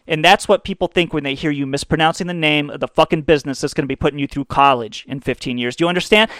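A man's voice: on the high side, fast, hardly any pauses, fairly bright tone, no room sound. A man hosting a comedy podcast, delivering a profane, mocking rant into a close mic. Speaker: podcast host. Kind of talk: ranting comedy monologue.

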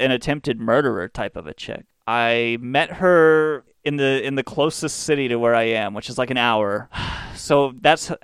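A man's voice: medium pitch, clean tone, dry recording. Profane, sardonic male radio host. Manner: profane, sardonic rambling storyteller. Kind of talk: casual monologue.

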